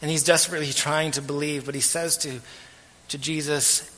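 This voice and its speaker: A man preaching a sermon as pastor, earnest and measured, letting his phrase ends trail off softly. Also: a little high, steady tone, a little hiss or hum. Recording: long hall reverb.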